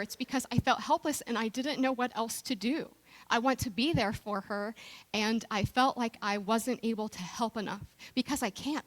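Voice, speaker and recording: A woman's voice: on the high side, fairly bright tone, low-quality recording. A middle-aged woman minister giving a conversational sermon, telling a candid personal story with frequent restarts. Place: church sanctuary.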